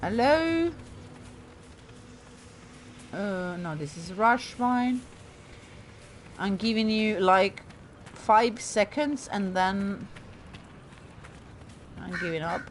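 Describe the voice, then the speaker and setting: A woman's voice: mid-range voice, expressive, extremely slow, pauses often, a little hiss or hum. A woman hosting a let's play, chatting through her gameplay in a self-mocking way and talking to the game characters. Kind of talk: casual gameplay commentary.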